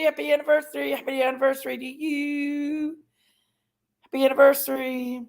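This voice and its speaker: A woman's voice: sits high, fairly even intonation, measured pace, creaky, long pauses. A woman hosting a casual livestream, affectionately greeting viewers one by one by name and sometimes sounding tearful. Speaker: livestream host.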